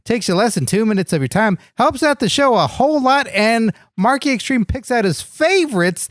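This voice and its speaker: A man's voice: very high-pitched, sing-song, normal speed, no echo, clean studio sound. A man voicing a dim, earnest male wrestler sidekick on a comedy podcast, cheerful and naive. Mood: upbeat. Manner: cheerful, naive, doing sponsor reads. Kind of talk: improvised comedy podcast banter.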